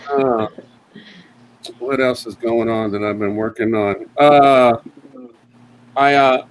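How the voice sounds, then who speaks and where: A man doing a casual stand-up set at a comedy round table, with many fillers and sudden high put-on voices for his bits. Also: fairly even intonation, slow, a little hiss or hum, rough recording.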